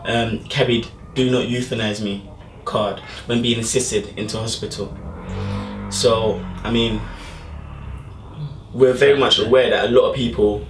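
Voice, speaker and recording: Male host, mid-pitched, easygoing interview chat, echoey and a bit far from the mic. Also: fairly even intonation, measured pace, noisy background. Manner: encouraging, prompting the guest. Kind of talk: casual interview.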